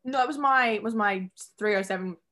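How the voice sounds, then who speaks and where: An Australian girl in her late teens tells stories casually, relaxed and chatty. Her voice sits at an everyday middle pitch. She moves through each story quickly. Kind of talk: casual chat.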